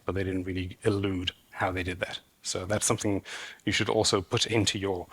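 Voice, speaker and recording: A man's voice: deep voice, a bit bright, slightly rough. A man speaking at a developer conference, explaining at length and hesitantly, with many fillers and restarts. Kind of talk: conference talk. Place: conference stage.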